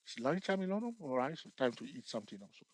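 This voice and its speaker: A man's voice: medium pitch, sing-song, fast talker, no room sound, poor audio. A man teaching trading over a screen-share chart tutorial, often repeating checks like "you see" and "okay". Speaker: trading educator.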